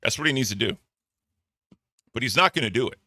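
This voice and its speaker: A man hosting casual commentary, talking bluntly and profanely with animated bursts of ranting. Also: medium pitch, fairly quick, no echo, clean studio sound. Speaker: commentary host.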